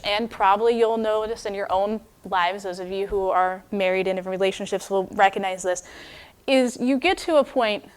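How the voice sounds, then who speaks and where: A young woman preaching a sermon, retelling a story in a lively, expressive, chatty way. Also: mid-range voice, smooth.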